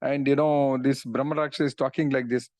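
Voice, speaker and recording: A man's voice: medium pitch, flat delivery, fairly quick, a little mellow, no echo. A middle-aged man, earnestly retelling devotional stories in a talk and often saying "you know". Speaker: speaker on religious philosophy.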